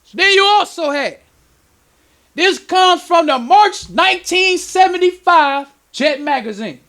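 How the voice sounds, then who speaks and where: A man, a minister, preaching a lecture at a temple in an excitable, emotional way, breaking into sudden shouts. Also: extremely high pitch, unhurried.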